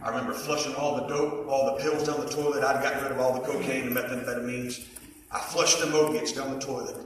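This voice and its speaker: A man preaching a personal testimony, quiet storytelling breaking into shouts and sung hymn lines. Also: mid-range voice, level tone, fast talker, a little hiss or hum. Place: church service. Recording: echoey church hall, mic far off.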